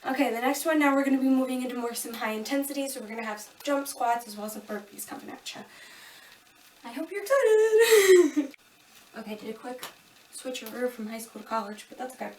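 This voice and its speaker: A woman's voice: on the high side, steady tone, fast talker, a little hiss or hum. A woman fitness instructor giving upbeat, chatty coaching cues during a home kickboxing workout, a bit out of breath. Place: home room. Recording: echoey room from a distance.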